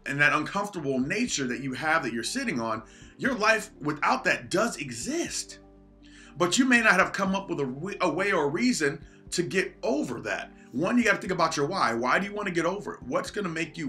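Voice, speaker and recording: Earnest guy preaching a pep talk on a livestream, bright voice, a bit of music in the back. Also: on the high side. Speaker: motivational speaker.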